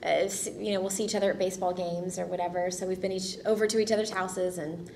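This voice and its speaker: A woman's voice: lowish voice, level tone, fast, darkish tone, a little hiss or hum. A woman actress answering interview questions casually, upbeat, friendly and enthusiastic.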